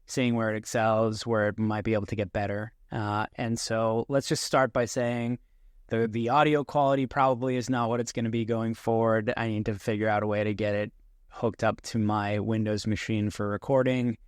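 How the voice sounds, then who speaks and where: A man hosting a podcast in a relaxed, chatty way, speaking into a desk microphone. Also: fairly low pitch, moderate pace, clean tone, no room sound, studio quality. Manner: relaxed, chatty, with restarts and small laughs. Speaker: podcast host. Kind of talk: casual podcast talk. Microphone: desk mic.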